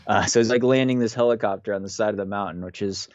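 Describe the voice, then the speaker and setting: A man in his thirties talks over a video call in a relaxed, rambling way, full of fillers. His voice sits fairly low. The call audio is dry and dull. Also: fast talker, no echo. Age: 30s. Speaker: guest. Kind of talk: casual chat on a video call.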